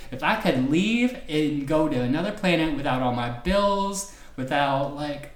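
A man co-hosting a casual podcast, talking loosely and emphatically with many like fillers. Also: on the high side. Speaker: podcast co-host. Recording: echoey room, faint noise.

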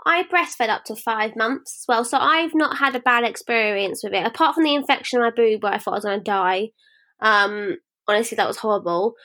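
A woman's voice: on the high side, fairly quick. A woman co-hosting a podcast, telling frank stories in casual chat and acting out what people said. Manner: frank, animated storytelling with acted-out quotes. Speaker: podcast co-host.

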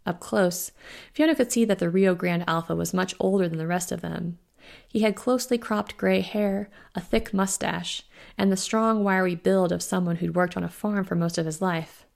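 A woman author reading her own novel aloud in a steady, measured audiobook narration. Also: fairly low pitch, gravelly.

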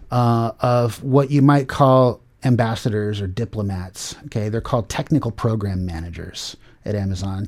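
A man's voice: medium pitch, a little mellow. Rambling middle-aged man hosting a tech show. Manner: rambling, many fillers and restarts, acts out quoted voices. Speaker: podcast host. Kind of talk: casual tech commentary.

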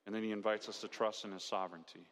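A man's voice: on the low side, steady tone, rapid-fire, fairly bright tone. A male pastor preaching a sermon in a conversational way, asking rhetorical questions and acting out quotes. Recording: long hall reverb.

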